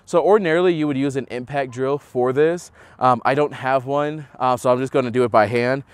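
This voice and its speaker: A young man hosting a how-to tutorial outdoors on a house roof, explaining in a relaxed way with many fillers. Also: medium pitch, fairly quick, clean tone, no echo. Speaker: host of a setup tutorial. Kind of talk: casual how-to demonstration.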